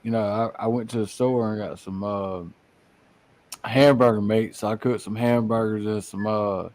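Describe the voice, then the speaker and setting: A man's voice: lowish voice, steady tone, moderate pace, a little mellow, no room sound. A man telling loose stories in a casual podcast chat, rambling with lots of fillers. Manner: rambling storyteller, many fillers, Southern slang. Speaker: podcast guest.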